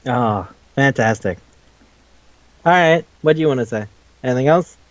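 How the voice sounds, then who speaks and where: A man co-hosting a casual podcast chat, excitable and rambling, swearing freely as he talks. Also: medium pitch, normal speed, lo-fi sound. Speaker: podcast co-host.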